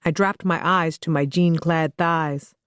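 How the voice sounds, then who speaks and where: Female audiobook narrator: first-person thriller, steady storytelling tone, dry booth sound. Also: low-pitched, unhurried, clear, resonant tone, no echo.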